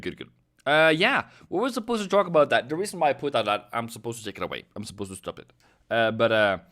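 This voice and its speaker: A man's voice: mid-range voice, pushed and bright. Chatty man streaming live trades. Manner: chatty, rambling, talks to viewers by name. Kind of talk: casual live-stream commentary.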